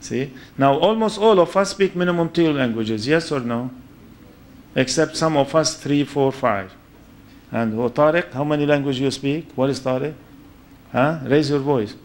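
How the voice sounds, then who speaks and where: Brief: male lecturer, foreign accent, anecdotal, middle-pitched voice. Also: moderate pace. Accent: foreign accent in English. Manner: anecdotal, checks in with listeners with "huh?". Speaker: religious lecturer. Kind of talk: storytelling lecture to an audience.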